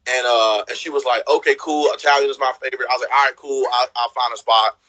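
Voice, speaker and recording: A man's voice: medium pitch, steady tone, quick pace, sharp tone, rough recording. A man casually telling a dating story, acting out what each person said and laughing often.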